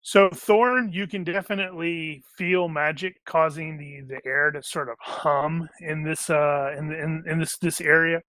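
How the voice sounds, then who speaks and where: A man's voice: on the high side, steady tone, unhurried, few pauses, pushed and bright, no room sound. A man narrating a tabletop game as game master, rambling with many fillers and restarts.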